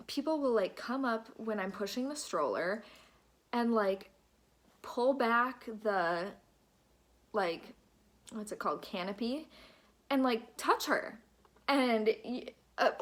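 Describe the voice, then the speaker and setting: A woman's voice: a little high, slow pace. A woman in her twenties from Minnesota with a Minnesota accent. She chats casually to the camera as a new mom, rambling with lots of fillers and asides.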